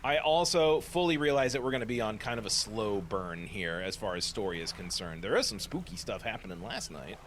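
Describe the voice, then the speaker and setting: A man's voice: on the low side, very animated, brisk, few pauses, fairly bright tone, slight background noise. A man hosting a casual let's play, chatting playfully and meowing to himself while he fishes. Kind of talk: casual gameplay commentary.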